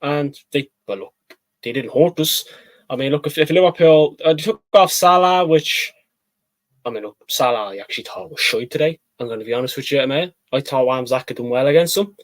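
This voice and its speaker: A man co-hosting a casual football match-reaction chat, excitable and rambling, often calling his co-host mate. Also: medium pitch, brisk, no room sound, rough recording.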